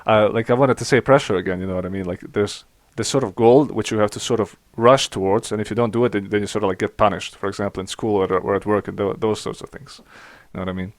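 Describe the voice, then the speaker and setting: A man with a lowish voice talks hesitantly as a podcast co-host, circling back as he searches for words. The recording is dry and close. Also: steady tone, fast, dry recording. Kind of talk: casual chat.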